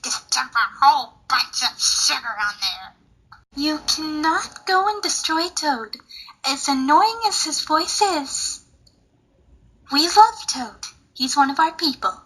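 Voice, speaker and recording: A woman's voice: sits high, lively intonation, slow, pushed and bright, poor audio. A woman acting in a comedic fan parody, teasing and rambling. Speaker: parody voice actor.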